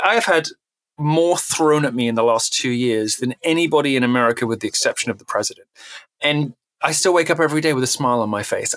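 A man speaking as a podcast guest, animated and emphatic, often restarting his sentences. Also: mid-range voice. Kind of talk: podcast interview talk.

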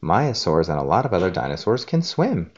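A man's voice: deep voice, sing-song, brisk, dull audio. A man voicing a smart, curious girl who explains facts from her book in a storybook. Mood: explaining. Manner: informative, explaining.

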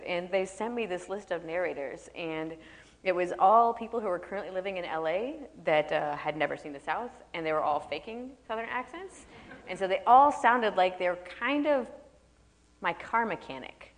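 Lower-voiced woman author in echoey hall. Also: moderate pace. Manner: chatty and self-deprecating, laughs easily. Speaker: author guest. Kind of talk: stage conversation and reading aloud from her novel. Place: live stage event in an auditorium.

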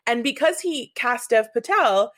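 A woman's voice: on the high side, animated, a little slow, a bit bright. Woman, casual film chat; eager, rambling, freely profane. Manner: enthusiastic, rambling, swears casually.

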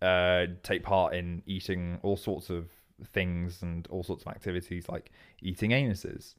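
Low-voiced man spinning an improvised comic tale. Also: level tone, measured pace. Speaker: improv storyteller.

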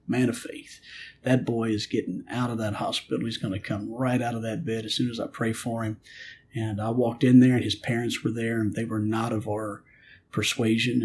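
A middle-aged pastor with a mid-range voice tells a personal story during a spiritual conversation, with slight background noise. He speaks in an earnest preaching manner, acting out both his prayers and God's replies.

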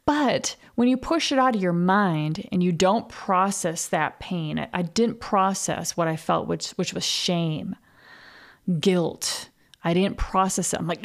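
A woman's voice: on the low side, unhurried. Woman podcast host, casual monologue, candid, swears, laughs at herself.

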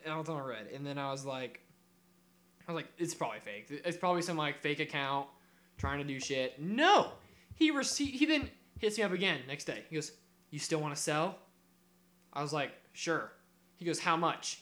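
A young man with a bright, forceful voice tells a story on a casual podcast. He is animated, swears freely and acts out every line of the exchange. His voice sits a little higher than most men's. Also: normal speed. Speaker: podcast co-host.

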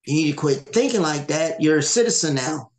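Guy on a podcast ranting thru a story, cusses a lot, kinda high voice, roomy echo. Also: brisk. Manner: animated, swearing, acts out quoted people. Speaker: podcast host. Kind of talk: casual storytelling chat. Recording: echoey room.

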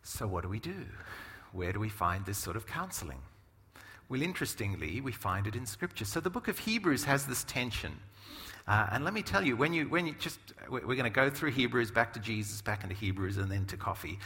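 A middle-aged man preaching a sermon in a conversational, animated way, often asking "right?". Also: medium pitch, brisk, big-room sound. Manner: animated, conversational, many asides and tag questions. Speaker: pastor.

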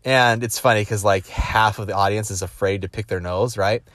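Man, executive type, low voice, dry close sound, animated storyteller who mimics the people he quotes. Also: normal speed, no room sound. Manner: animated, acts out quoted voices, frequent restarts. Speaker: business executive giving a motivational talk. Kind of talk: casual motivational storytelling.

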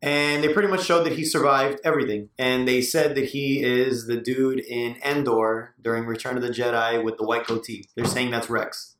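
A man's voice: mid-range voice, fairly even intonation, fairly bright tone, a little hiss or hum. A man in casual podcast chat, rambling and jumping in with examples. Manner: rambling, quick to jump in with examples. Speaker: podcast co-host. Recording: echoey room, distant from the mic.

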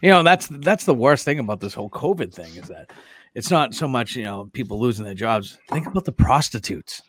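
A man's voice: mid-range voice, animated, fairly quick, slight background noise. A middle-aged man, a guest on a casual podcast, joking crudely and swearing freely. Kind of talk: casual chat.

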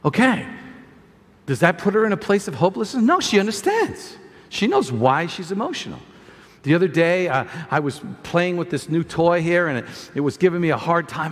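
A man preaching a sermon as pastor, animated, restarting phrases and repeating words as he talks. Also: high-pitched, brisk. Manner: animated preaching, acts out voices of doubters. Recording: long hall reverb.

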